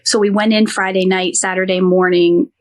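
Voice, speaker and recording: A woman's voice: medium pitch, flat delivery, moderate pace. A young woman, a podcast guest, candidly telling an emotional personal story in a rambling way full of fillers.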